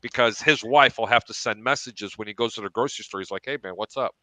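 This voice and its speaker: A man hosting a sports talk show, telling long animated anecdotes with asides to his co-hosts. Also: medium pitch, fast, no echo, low-quality recording. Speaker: host.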